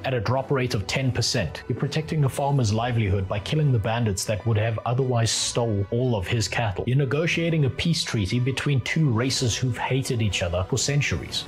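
A man at a middling pitch narrates a scripted game review. His delivery is wry and sarcastic, with faint music playing behind him.

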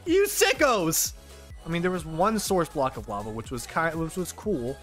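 Talking a little fast into his desk mic, a young streamer gives live commentary on a game, excitable and loud, swearing, shouting and laughing whenever things go wrong. His pitch swings constantly from low grumbles to high yelps. Soft game music plays behind him.

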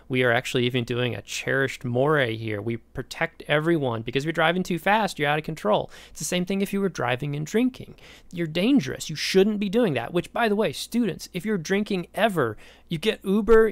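A man's voice: a little high, gravelly, dry recording. A man lecturing college students in a casual, conversational way, often stepping aside to speak to them directly. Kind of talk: recorded lecture.

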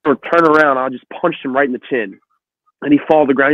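A man hosting a casual conversation, telling animated stories and acting out the voices of the people in them. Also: medium pitch, fast talker, no echo. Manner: animated storyteller, acts out voices in quotes. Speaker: host. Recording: dry, phone-like audio.

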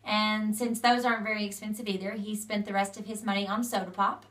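A woman's voice: mid-range voice, level tone, fairly quick, fairly bright tone, recorded from a distance. A young woman casually retelling a fairy tale, chatty, linking sentences with "so" and "you know". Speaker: storyteller.

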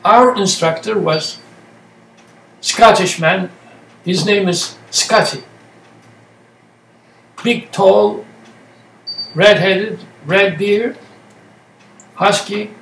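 A man speaking as a meditation teacher in a slow, reflective way, using short, halting phrases and plain words. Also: high voice, creaky, a bit bright. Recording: echoey room, distant mic, faint noise.

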